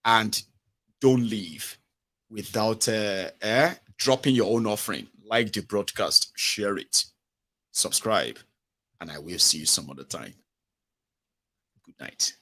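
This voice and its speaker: A man's voice: fairly low pitch, takes it slowly, long pauses, fairly bright tone. A man with a Nigerian accent hosting a live commentary stream, talking animatedly and acting out the voices he quotes, with Pidgin asides. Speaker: live show host. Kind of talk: casual political commentary livestream.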